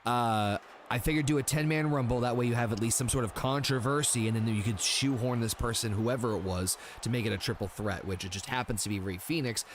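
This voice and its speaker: A man playing a wrestling game and chatting casually with friends, profane and excitable. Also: medium pitch, fairly quick, slight background noise. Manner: profane, excitable, laughs a lot. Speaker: game player and co-host. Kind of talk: casual chat over gameplay.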